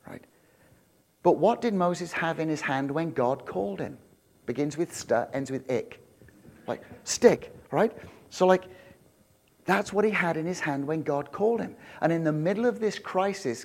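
A man preaching a sermon in a conversational, joking way, building to loud, repeated emphatic lines. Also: a little high, expressive, moderate pace. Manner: jokey asides, laughs with congregation. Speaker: pastor.

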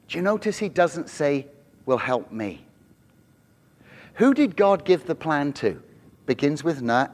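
A male pastor delivers an animated sermon, dropping into quiet asides and then climbing to loud, high-pitched, emphatic peaks. His voice sits at an ordinary middle pitch and rings out with a long hall reverb around it.

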